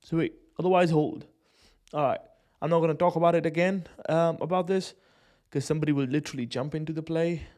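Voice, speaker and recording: A man's voice: on the high side, steady tone, a little fast, a little mellow. A man giving casual live commentary on a day-trading stream, swearing, using slang and laughing often as he talks through charts.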